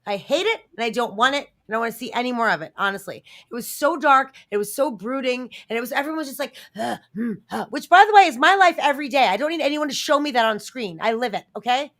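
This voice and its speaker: A woman's voice: fairly high pitch, expressive, fast, hardly any pauses, a bit bright. A woman on a live entertainment news show, ranting bluntly and swearing freely in casual chat.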